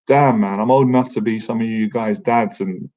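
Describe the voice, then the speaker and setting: Chatty and jokey, a thirty-something boxing coach hosts a casual live-stream Q&A and keeps adding "man" to his sentences. He speaks in a lowish, mellow voice with a steady tone at a moderate pace, over dull lo-fi stream audio.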